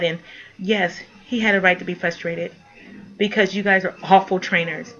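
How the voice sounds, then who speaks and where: A woman's voice: mid-range voice, fairly even intonation, brisk, bright, forceful tone, dull audio. A mother speaking out to the camera in an impassioned appeal, indignant, pleading and emphatic.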